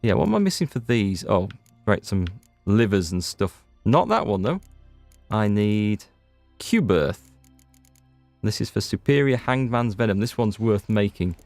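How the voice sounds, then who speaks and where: Low-voiced Northern Irish gamer rambling. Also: male voice, lively intonation, unhurried, a little mellow, no room sound. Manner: chatty, rambling, self-interrupting. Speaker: gaming streamer. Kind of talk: casual let's-play commentary. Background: faint game music.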